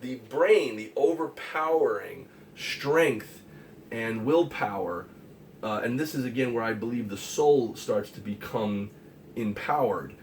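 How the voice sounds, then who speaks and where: Man, earnest vlogger monologue, emphatic, halting fillers, mid pitch, distant mic, faint hiss. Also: lively intonation. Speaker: comic artist and vlogger. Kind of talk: rambling monologue to camera.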